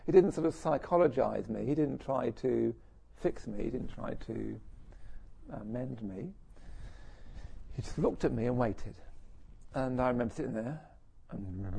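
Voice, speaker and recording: A man's voice: mid-range voice, mellow. A middle-aged man giving a reflective personal talk to an audience, musing and self-deprecating. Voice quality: gravelly, husky.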